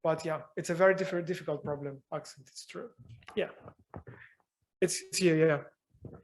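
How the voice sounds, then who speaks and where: A man's voice: fairly high pitch, steady tone, normal speed, slight background noise. A male guest lecturer answering audience questions in a university lecture room, thoughtful and searching for his words.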